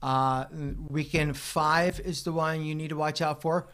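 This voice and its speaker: A man's voice: a little high, fairly even intonation, unhurried, a bit bright, smooth. A man co-hosting a casual talk show, making wry asides. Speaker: co-host. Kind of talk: casual chat.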